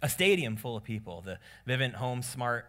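Animated man preaching a sermon. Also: mid-range voice, moderate pace. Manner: animated preaching, acts out disciples in voices. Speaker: pastor. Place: church room with congregation.

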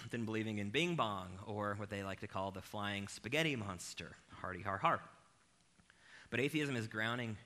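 A man preaching an evening sermon in a casual, humorous, self-deprecating way, talking straight to his listeners. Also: lowish voice. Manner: animated, self-deprecating, addresses the crowd directly.

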